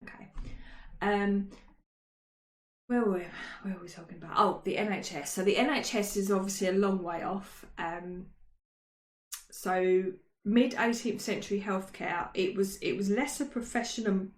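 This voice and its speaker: A woman's voice: mid-range voice, normal speed. A woman co-hosting a casual history chat, chatty and self-mocking, with frequent ums. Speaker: podcast co-host. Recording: roomy echo.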